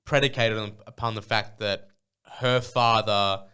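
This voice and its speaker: A young man from Australia talks in casual podcast chat. His voice is bright and forceful, and he reasons things through in a measured way. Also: lowish voice, fairly even intonation, clear, resonant tone. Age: young adult. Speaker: podcast co-host.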